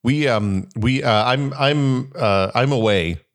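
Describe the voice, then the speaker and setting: A man's voice: mid-range voice, slow pace. A middle-aged man co-hosting a podcast in casual chat, rambling and correcting himself, with dry, wry humor. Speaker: podcast co-host.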